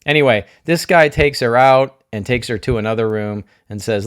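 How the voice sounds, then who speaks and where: Here the reviewer speaks in a mid-range voice at normal speed, rarely pausing, his tone clean. Walking through a TV episode with spoilers, he muses aloud, questions himself, tosses in jokes, and openly raves about the moments he loves.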